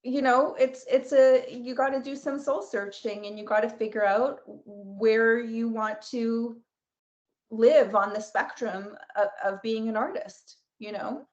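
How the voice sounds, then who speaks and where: A woman's voice: fairly high pitch, a little slow, highs cut off. A woman guest author in casual podcast chat, speaking reflectively and thoughtfully.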